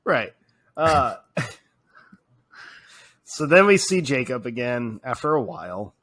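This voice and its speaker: A man's voice: medium pitch, very animated, slow pace, fairly bright tone. A young man co-hosting a podcast, chatting casually, laughing often and acting out quotes. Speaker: podcast co-host. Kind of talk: casual chat.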